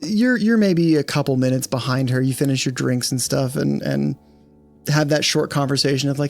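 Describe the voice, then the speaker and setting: A man's voice: mid-range voice, moderate pace, vocal fry, soft background music. A man running a tabletop game as game master, rambling with many fillers and reading out prepared scene text.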